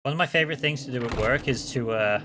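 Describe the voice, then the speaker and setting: A man's voice: mid-range voice, fast, background noise. A man giving casual commentary while playing a video game, chatting and swearing freely between puzzles. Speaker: game streamer.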